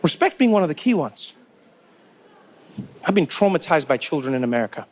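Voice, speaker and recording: Animated South African comedian, high voice. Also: male voice, fairly quick. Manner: animated, repetitive for comic effect. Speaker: stand-up comedian. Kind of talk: stand-up comedy storytelling.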